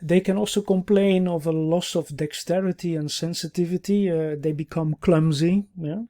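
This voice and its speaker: A man teaching a recorded clinical course, explaining at an even pace with many "uh" pauses and checking "yeah?" tags. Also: on the high side. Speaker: orthopaedic medicine instructor.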